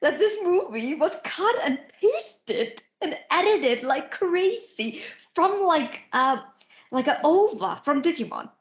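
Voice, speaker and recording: A young woman from Iceland chatting casually as podcast co-host, excitable and quick to laugh, swearing and restarting often. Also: high voice, reverberant, lo-fi sound. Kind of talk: casual chat.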